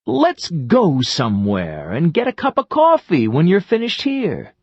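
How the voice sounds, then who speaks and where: A man's voice: fairly high pitch, huge pitch swings, slow, husky, no room sound, full character voice. A man voicing a friendly cartoon word, lo-fi. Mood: inviting. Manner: cheerful, inviting. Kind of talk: educational cartoon narration.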